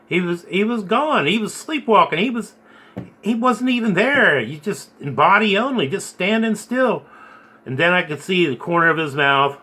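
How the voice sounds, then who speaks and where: A man earnestly recounting a dream and preaching in a rambling, halting way, repeating his words. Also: fairly high pitch, a bit bright. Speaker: video blogger recounting a dream. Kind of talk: earnest spoken storytelling and preaching.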